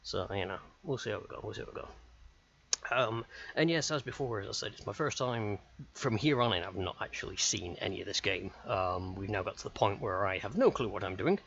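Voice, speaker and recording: Male streamer, low-pitched, chatty and self-mocking, dull lo-fi mic sound. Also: brisk, vocal fry, a bit bright. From United Kingdom. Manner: chatty, rambling, self-deprecating. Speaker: game streamer. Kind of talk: live gaming stream chat.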